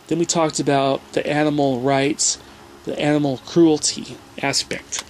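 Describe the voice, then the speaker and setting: A rambling man in his forties talks through slides in a casual lecture, in a fairly high voice. He keeps checking in with his listeners with little "right?" and "okay?" tags. A faint hiss sits under his voice. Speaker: host giving a talk with slides.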